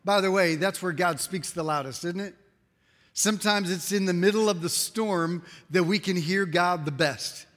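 Male pastor, high voice, emphatic animated sermon delivery, hall reverb. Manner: emphatic, animated storytelling with quick asides.

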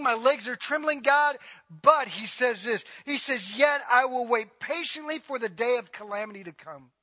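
High, bright-voiced male preacher. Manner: emphatic preaching, swinging between loud and hushed. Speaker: pastor. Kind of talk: sermon.

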